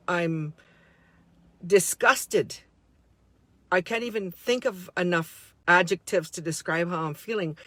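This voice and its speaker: A woman's voice: fairly low pitch, no room sound. A middle-aged woman speaking an unscripted, heartfelt monologue to her handheld camera, indignant and repeating herself as she talks. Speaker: vlogger.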